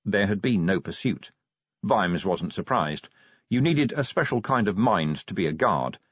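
A man narrating an audiobook in an animated, wry storytelling manner. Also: low-pitched, measured pace, husky, no room sound, dull audio. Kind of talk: scripted narration.

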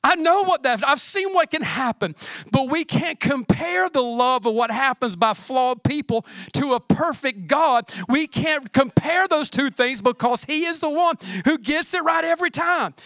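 High-voiced man preaching a lively sermon. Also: a little slow, no room sound, clean studio sound. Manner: lively preaching, calls to the congregation, restarts and emphatic repetition. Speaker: pastor.

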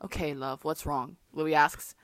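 A woman's voice: low voice, steady tone, measured pace, very noisy. A young woman co-hosting a podcast, reading her own teenage fan fiction aloud and breaking off for wry, self-mocking asides. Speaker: podcast co-host.

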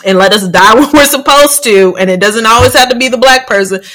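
A woman's voice: fairly high pitch, fairly quick, a bit bright, poor audio. A woman co-hosting a podcast in casual chat, frank and blunt, and she swears freely. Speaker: podcast co-host.

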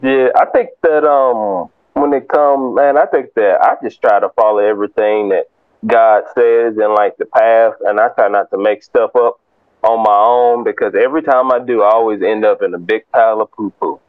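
A man's voice: fairly low pitch, moderate pace, no room sound. Brief: young male co-host, easygoing and playful, dry and slightly muffled. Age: young adult. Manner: laid-back, jokey, acts out scenes. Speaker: podcast co-host. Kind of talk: casual faith chat.

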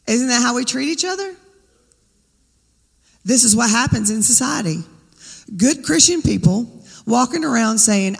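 A woman's voice: a little high, expressive, normal speed, vocal fry, long pauses, husky, long reverb tail. A woman preaching a sermon, talking conversationally and firing rhetorical questions at the congregation. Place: church sanctuary.

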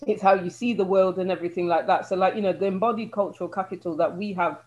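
A woman's voice: lowish voice, steady tone, quick pace, darkish tone. A woman from Britain, a podcast regular with an academic bent, explaining her points earnestly with theory on a casual panel. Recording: dull lo-fi sound.

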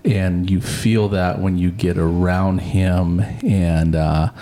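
A man co-hosting a podcast interview, telling stories in a lively way and laughing often. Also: low voice, slow pace. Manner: animated storyteller, laughs often, acts out quotes. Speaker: podcast co-host. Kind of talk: casual interview chat.

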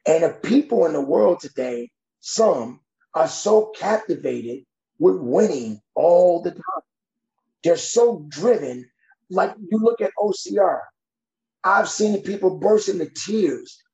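Blunt high-voiced coach, lively delivery. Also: male voice, measured pace, lo-fi sound. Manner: blunt, emphatic tough-love talk. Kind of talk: podcast conversation.

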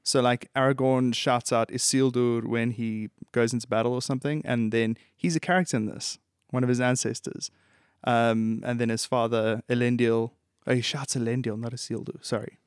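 A man's voice: mid-range voice, flat delivery, moderate pace, hardly any pauses, clear, resonant tone, dry recording, studio quality. A man chatting casually with friends, eagerly explaining film scenes in detail. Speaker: podcast co-host. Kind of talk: casual chat.

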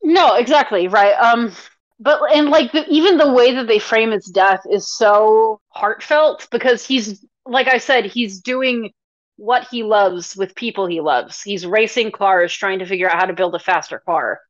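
A woman's voice: medium pitch, measured pace, dry recording, highs cut off. A woman co-hosting a podcast in casual chat, talking freely and leaning on "like" as she thinks aloud. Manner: chatty, leans on "like" as a filler. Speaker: podcast co-host.

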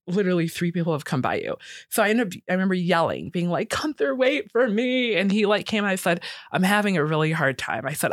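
Animated woman telling a personal story. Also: no room sound, studio quality. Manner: animated, acts out quoted voices higher. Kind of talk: casual storytelling.

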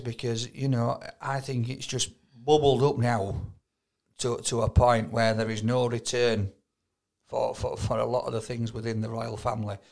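A man's voice: mid-range voice, vocal fry, darkish tone. A man with a Yorkshire accent, co-hosting a podcast chat, talking in a rambling, storytelling way with lots of restarts. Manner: chatty storyteller, stumbles and repeats words. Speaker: podcast co-host. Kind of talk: casual chat.

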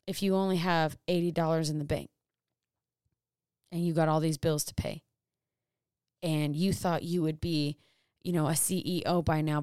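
A young woman giving a casual faith talk, animated, full of rhetorical questions and self-deprecating asides. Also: deep voice, smooth, no room sound, clean studio sound. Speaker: Christian vlogger and small business owner.

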